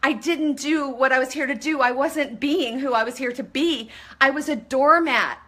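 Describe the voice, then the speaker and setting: A woman's voice: high-pitched, normal speed, fairly bright tone. A middle-aged woman hosting a live stream, gushing and effusive, greeting viewers by name and swearing freely as she talks.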